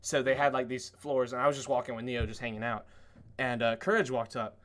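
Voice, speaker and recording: A man's voice: medium pitch, a little fast, a bit bright. Rambling, swearing man hosting a podcast. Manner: rambling storyteller, heavy on "like" fillers and swearing. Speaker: podcast host. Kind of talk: casual podcast chat.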